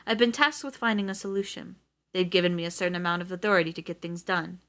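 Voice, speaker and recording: A woman reading as a brisk, cool official. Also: lowish voice, a bit bright. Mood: cool, businesslike. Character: brisk poised middle-aged female official.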